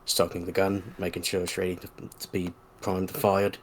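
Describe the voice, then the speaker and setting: A man's voice: low voice, completely flat delivery, normal speed, a little hiss or hum. A man playing a tabletop game, answering tersely and deferentially in character. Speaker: player.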